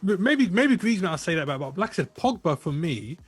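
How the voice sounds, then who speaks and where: A man with a husky, slightly raised voice chats football in a laid-back way. He stammers over the starts of his sentences as he builds his argument, with faint music behind. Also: sits high, big pitch swings, brisk, no echo. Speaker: podcast co-host. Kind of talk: casual football chat.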